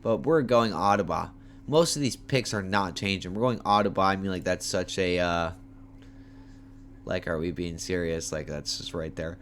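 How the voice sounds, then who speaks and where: A fairly low-voiced man talks through fight picks in a loose, foul-mouthed, joking way. He is tired and yawning from the late hour. A faint hum sits under his homemade recording. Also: normal speed. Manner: animated, profane, playful trash talk. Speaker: MMA fight picks host. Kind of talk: casual fight preview talk. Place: homemade setup.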